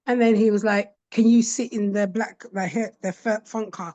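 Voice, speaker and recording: A woman's voice: mid-range voice, steady tone, normal speed, dark tone. A woman, a podcast guest telling stories in a casual chat and acting out the voices of the people she quotes. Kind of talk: casual storytelling interview.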